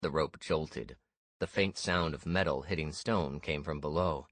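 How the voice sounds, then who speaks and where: Deep-voiced male audiobook narrator. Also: measured pace, fairly bright tone, no room sound. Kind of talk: first-person fantasy audiobook narration.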